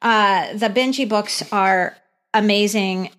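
A woman's voice: mid-range voice, slow, a bit bright. A woman co-hosting a podcast, chatting enthusiastically about a favorite childhood book. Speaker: podcast co-host. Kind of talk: casual chat.

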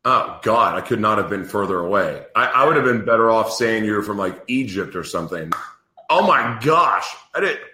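A man hosts a casual interview, chatting in a loose, rambling way and laughing often. His voice is forceful and on the low side. The sound bounces around a roomy space. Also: moderate pace. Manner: animated, rambling, laughs easily. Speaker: host.

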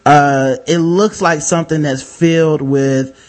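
A man co-hosting a casual comedy podcast, telling profane, animated stories and acting out the people in them. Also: fairly high pitch, measured pace. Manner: profane, animated storytelling with put-on voices. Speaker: podcast co-host.

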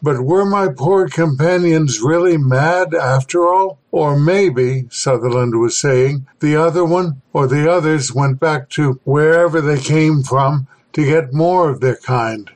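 A man reading a horror story aloud as a podcast host, in a measured, dramatic way. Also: fairly high pitch. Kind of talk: scripted horror story narration.

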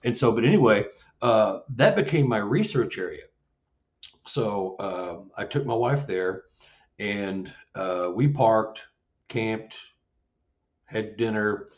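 A middle-aged man telling a story as an interview guest, acting out the dialogue with lively jumps in his voice. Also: takes it slowly. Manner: animated, acts out dialogue with rising pitch. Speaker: Sasquatch investigator, guest. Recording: dull lo-fi audio.

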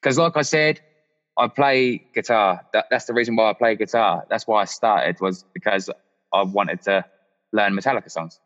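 A man's voice: lowish voice, normal speed, fairly bright tone. A man in his thirties, a guest musician telling a story in casual chat with a lot of laughing. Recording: muffled, echoey room.

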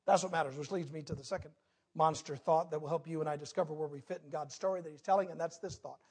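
A man preaching a sermon, telling a personal story with big swings between loud outbursts and hushed moments. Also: sits high. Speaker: pastor.

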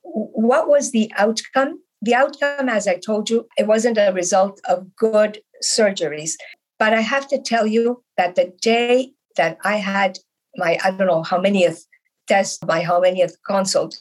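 A middle-aged woman from Canada speaks as a guest in a conversational interview. Her voice has a husky edge, and she stresses her points earnestly, often repeating words for weight. Her pitch sits at an ordinary middle level for a woman. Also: a little slow, low-quality recording. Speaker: podcast guest.

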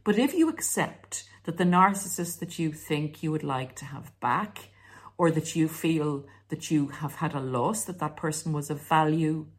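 A woman host talking through relationship advice in a casual monologue, sarcastic at times. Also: deep voice. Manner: sarcastic, acts out mocking quoted voices. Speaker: self-help video host.

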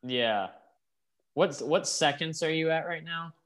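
A man's voice: fairly high pitch, measured pace, a bit bright. A man co-hosting a podcast, chatting loosely and cursing often as he watches along. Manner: loose, profane, jokey. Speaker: podcast co-host. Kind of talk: casual watch-along chat.

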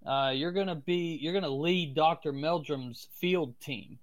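A man with a Southern US accent voicing a pushy, fast-talking male TV producer on the phone. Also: fairly high pitch, close to an everyday voice.

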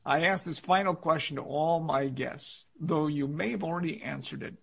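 A man's voice: a little high, moderate pace, vocal fry, fairly bright tone, slightly rough. A man hosting an interview, asking his guest questions in a conversational way. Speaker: host.

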